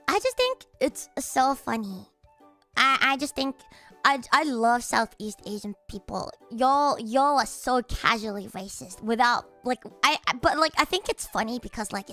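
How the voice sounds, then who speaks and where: A young woman streaming, telling stories in a chatty, animated way and laughing loudly and often. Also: fairly high pitch. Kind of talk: casual chat stream.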